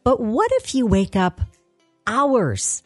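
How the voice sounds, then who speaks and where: A woman co-hosting a morning radio show, talking in a deadpan, playful way. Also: fairly high pitch, takes it slowly, dry recording, faint music behind. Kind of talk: casual radio banter.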